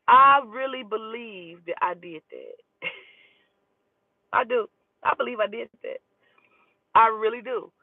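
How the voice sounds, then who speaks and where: A woman who does spiritual readings, telling a story in a casual, profane and animated way. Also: a little high, normal speed, pauses often, no room sound. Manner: profane, animated, talking to herself aloud. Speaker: spiritual reader. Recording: tinny phone-like dry audio.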